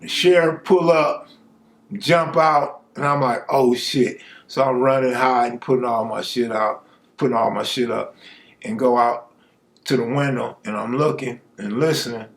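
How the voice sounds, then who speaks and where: A man's voice: medium pitch, steady tone, normal speed. A man from Los Angeles telling a true street story in a laid-back, slangy, conversational way.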